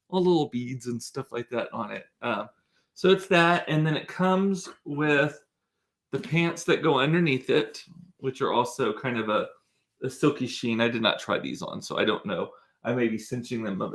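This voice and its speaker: Young guy, casual vlog storyteller, rambling and chatty with lots of fillers, mid-pitched voice. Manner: chatty, rambling, with many fillers and self-corrections. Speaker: vlogger.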